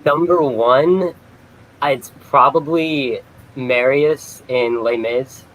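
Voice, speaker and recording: A man's voice: mid-range voice, slow pace, fairly bright tone, poor audio. A young man, a guest on an online chat show, giving brief, modest, easygoing answers. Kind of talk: casual interview answers.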